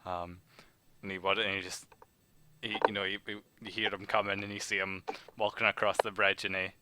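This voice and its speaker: A man's voice: deep voice, level tone, a little fast, heavy background noise. A young man running a tabletop game over voice chat, narrating hesitantly with many restarts. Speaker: dungeon master.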